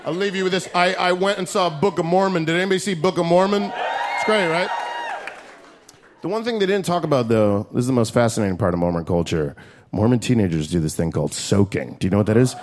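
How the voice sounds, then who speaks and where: A man doing a stand-up set, brash and profane, shouting his punchlines on a handheld stage mic. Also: on the high side, fast. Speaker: stand-up comedian. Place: comedy club stage. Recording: crowd laughter, noisy club. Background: laughing crowd.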